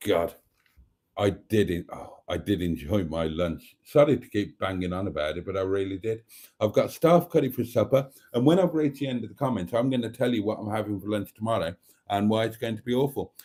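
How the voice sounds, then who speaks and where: A man's voice: fairly low pitch, animated, normal speed, mellow. A man hosting a casual live stream from home, reading viewer comments aloud in a chatty, cheeky, rambling way into a phone. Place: home, indoors.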